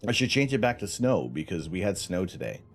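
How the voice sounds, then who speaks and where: A man's voice: low voice, sing-song, brisk, faint music behind. A man hosting a casual astronomy livestream from home, joking and laughing as he chats with viewers. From Canada.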